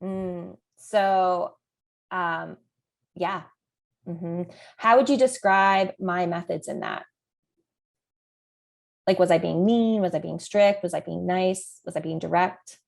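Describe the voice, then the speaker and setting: A woman's voice: on the low side, steady tone, takes it slowly, creaky, pauses often, a little mellow. Woman coach leading a discussion. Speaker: parent coach and host. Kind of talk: coaching discussion with role-play.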